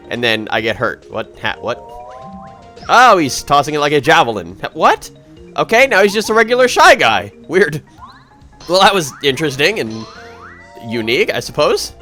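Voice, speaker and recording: A man talks over his video game run in a loose, rambling way, full of dry sarcasm and mid-sentence self-corrections. His pitch swoops up and down a lot as he reacts. Game music plays faintly underneath. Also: bright, forceful tone. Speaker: let's play commentator. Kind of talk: casual gameplay commentary.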